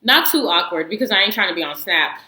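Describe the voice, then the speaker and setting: A woman chatting to camera with a bright, forceful voice. She speaks in loose, slangy, outspoken bursts and laughs often. The sound is roomy and echoing. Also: mid-range voice, quick pace. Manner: slangy, animated storytelling with frequent laughs; candid and outspoken, often swears. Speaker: reality TV reviewer. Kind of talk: casual chat.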